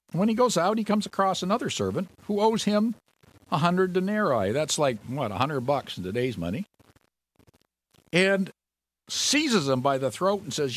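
A man preaching a sermon who talks in a lively, animated way and jumps higher and louder on key words. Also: no echo.

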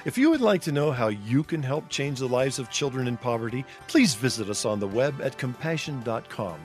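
Lively male radio show host. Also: mid-range voice, brisk, faint music behind. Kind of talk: scripted radio introduction.

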